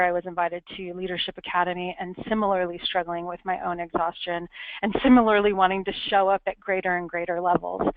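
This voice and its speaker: A woman's voice: mid-range voice, dry recording. A woman giving a candid, earnest talk as a webinar speaker, telling a personal story. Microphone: webinar call audio. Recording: tinny phone-like webinar audio, dry.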